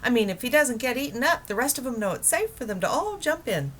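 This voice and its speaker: A woman's voice: on the high side, big pitch swings, fast talker, fairly bright tone, slight background noise, pitched above the performer's own voice. A woman reading a children's book aloud, voicing an eager, dreamy middle-aged man who is enthusiastic about penguins. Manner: enthusiastic, wondering.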